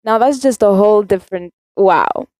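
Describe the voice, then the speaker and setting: On her own podcast, a South African teenager goes on a chatty, rambling rant full of self-contradictions. Her mid-range voice has a clean, darkish tone and a normal pace, recorded dry.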